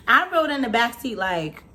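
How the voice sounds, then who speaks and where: A young adult woman vlogger telling a story in a casual, animated, slangy way, full of "like" and "y'all". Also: sits high.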